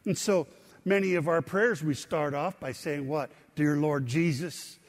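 A male pastor, his voice a little high and at normal speed, gives a sermon in a reverberant church sanctuary. He keeps it conversational and asks the congregation questions.

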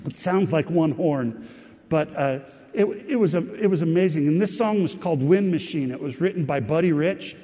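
A man telling a rambling personal story to an audience, pausing often. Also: on the high side. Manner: warm, rambling anecdotal storytelling with pauses. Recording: long hall reverb.

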